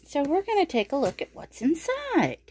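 A woman's voice: high-pitched, huge pitch swings, moderate pace, a little mellow. A woman hosting a casual pet unboxing vlog, talking fondly to her rabbits and a little out of breath. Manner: cooing baby talk to her rabbits. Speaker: pet channel host.

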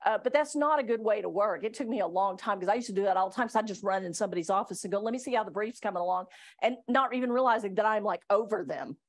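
A woman's voice: medium pitch, racing, hardly any pauses. A middle-aged woman attorney giving a live workplace training talk to staff, chatty and self-deprecating, often laughing between points. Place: meeting room with live audience.

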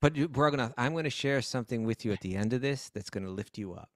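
A man co-hosting a casual spiritual talk, speaking slowly and reflectively. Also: medium pitch, lively intonation, no room sound, studio quality. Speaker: podcast co-host.

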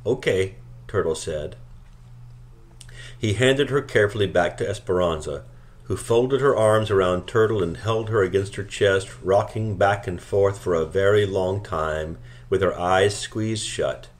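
A man narrating a novel chapter aloud in a calm, steady storytelling manner. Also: low voice, measured pace. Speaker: audiobook reader. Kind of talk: scripted narration.

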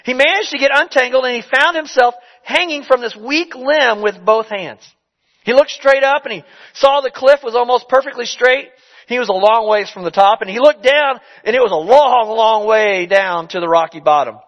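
A man's voice: very high-pitched, moderate pace, highs cut off. A man preaching a sermon in a conversational, storytelling way with emphatic repetition.

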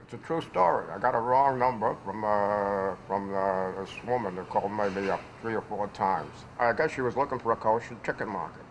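An older man with a New York accent telling a rambling, animated story in an interview. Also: fairly low pitch, moderate pace, hardly any pauses, a little hiss or hum, poor audio. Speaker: interviewed poet.

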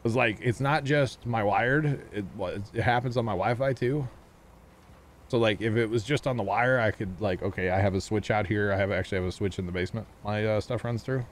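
A man streaming a farming game, chatting in a relaxed, rambling way with friends. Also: lowish voice, fairly quick, slight background noise. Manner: laid-back, rambling. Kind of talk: casual gaming stream chat.

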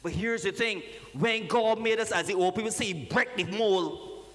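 A man, a pastor preaching a lively, joking sermon and calling out to his congregation. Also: high voice, normal speed. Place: church sanctuary. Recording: reverberant church hall.

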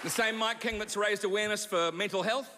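A man, hosting a live comedy roast and telling a story in a brisk, playful way. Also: sits high, steady tone, over a noisy crowd. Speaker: roast master. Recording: echoing hall, live audience noise.

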